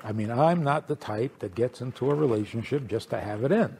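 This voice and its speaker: A man's voice: mid-range voice, fairly quick, vocal fry, dark tone, slightly rough, pitched below the performer's own voice. A man mimicking a self-important husband who makes earnest, pompous vows.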